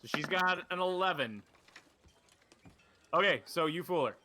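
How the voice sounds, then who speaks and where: A man's voice: a little high, animated, measured pace, sharp tone, a little hiss or hum. A man running a tabletop game as dungeon master, narrating with lots of ums and self-corrections.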